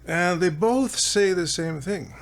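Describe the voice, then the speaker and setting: Slow, gravelly man telling a story. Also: sits high, slight background noise. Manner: rambling, with fillers and chuckles. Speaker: philosophy channel host. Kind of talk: casual storytelling lecture.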